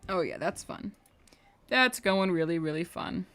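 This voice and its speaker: Young woman, lowish voice, casual rambling chat, mutters while drawing, swears casually, livestream. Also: animated, unhurried, a bit bright. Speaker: animation livestreamer.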